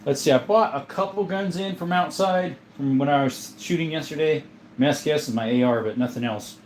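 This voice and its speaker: A chatty man hosting a laid-back livestream, his voice sitting a little higher than most men's. He greets viewers by name and talks in a loose, conversational way while reading the chat. A faint ambient noise hums underneath. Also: a little fast, a little mellow. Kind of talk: casual live-chat talk.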